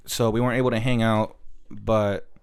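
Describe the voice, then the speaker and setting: A man's voice: fairly low pitch, level tone, normal speed, clear, resonant tone. A man of about twenty from Central California, chatting casually on a podcast and telling a rambling, profane travel story. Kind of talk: casual chat.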